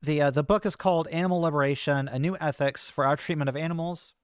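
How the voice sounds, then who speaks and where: A woman's voice: low-pitched, steady tone, quick pace, dry recording. A trans woman streamer talking in a casual, hesitant monologue, full of fillers and restarts, into a close desk mic. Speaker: streamer host.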